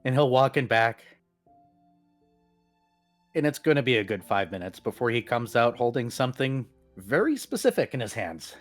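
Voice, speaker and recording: Game master narrating a tabletop game; man, animated, mid pitch. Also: normal speed, long pauses, faint music behind.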